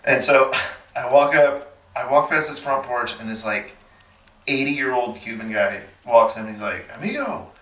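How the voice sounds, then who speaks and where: A man's voice: mid-range voice, a little slow, echoey room, recorded from a distance. A man from Texas telling a story as a podcast guest, animating it by acting out the voices of people in it. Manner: animated, acts out the voices of people in his stories. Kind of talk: casual storytelling.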